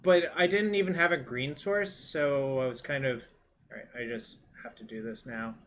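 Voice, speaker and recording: A man's voice: medium pitch, normal speed, a bit bright, a little hiss or hum. A man commentating his own card game match in a casual way, thinking aloud and swearing now and then.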